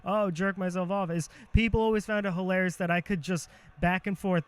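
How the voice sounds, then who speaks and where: A young man hosting a podcast, rambling in a profane, self-mocking monologue and shifting his cadence and pitch on purpose. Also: fairly even intonation, brisk, few pauses, clear, resonant tone. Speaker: podcast host.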